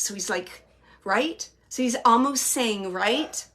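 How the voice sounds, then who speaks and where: A woman giving a live spirit reading as a medium, speaking gently and hesitantly with many pauses, earnestly relaying messages. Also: mid-range voice, animated, slight background noise. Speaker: psychic medium.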